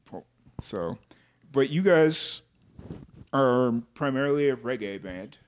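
A man hosting a casual music podcast, relaxed, asking his guests questions. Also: medium pitch, slow pace. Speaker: podcast host. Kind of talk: casual interview.

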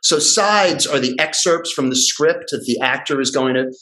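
A middle-aged man in casual conversation, telling a story in an animated way and acting out the voices of the people in it. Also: mid-range voice, moderate pace, poor audio. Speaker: guest actor telling a story.

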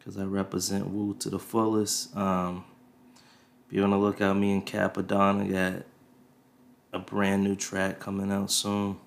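Low and gravelly, the voice of this man in his thirties moves at a measured pace with a totally flat delivery. As a podcast host, he rambles through a laid-back, profane story into a desk USB mic, faint music beneath him.

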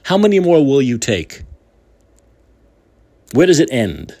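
Indignant husky man ranting. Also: medium pitch, big pitch swings, slow, dark tone. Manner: heated, indignant ranting with repeated phrases. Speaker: podcast host. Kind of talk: solo political commentary.

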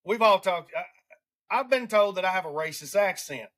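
A man's voice: high voice, lively intonation, a bit bright. A man from Alabama with a Southern accent, hosting a casual podcast chat and rambling through his points with frequent restarts. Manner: rambling, restarts often, drawn-out emphasis. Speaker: podcast host.

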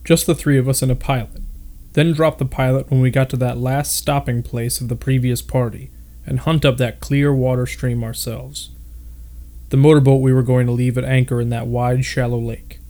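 A man's voice: medium pitch, flat delivery, moderate pace, dark tone. Casual man reading a novel aloud. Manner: stops to comment on odd words. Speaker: audiobook podcast host reading a novel. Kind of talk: casual read-aloud with asides.

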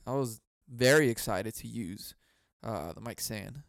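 A man from Southern California hosting a casual solo podcast into a boom mic at home, swearing a lot, laughing often and bursting into loud mock yelling. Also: a little slow, vocal fry, no echo, clean studio sound. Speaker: podcast host.

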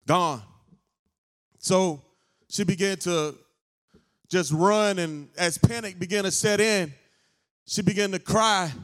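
A male pastor, telling a story in a sermon as an unhurried storyteller. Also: high voice, fairly bright tone. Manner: unhurried storyteller who builds to fervent preaching. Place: church sanctuary.

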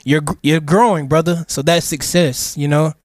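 A man in his thirties co-hosting a casual podcast, telling a story in an animated, slangy way and getting emotional. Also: on the high side, normal speed, no echo, clean studio sound. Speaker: podcast co-host. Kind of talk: casual chat.

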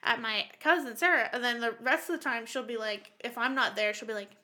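High bright-voiced woman swearing her way through a cat story, super animated. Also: brisk. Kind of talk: casual chat.

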